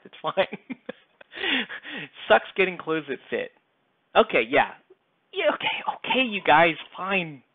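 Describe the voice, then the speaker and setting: While he paints, a young streamer with a mid-range voice talks casually, wandering off topic and teasing himself as he reads out viewer comments. The recording is dry with a tinny, phone-like quality.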